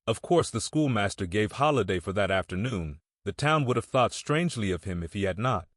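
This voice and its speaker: A man narrates a classic novel in a measured, steady way. His voice sits on the low side. The recording is dry and close, with no room sound. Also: no echo. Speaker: audiobook narrator. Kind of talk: scripted narration.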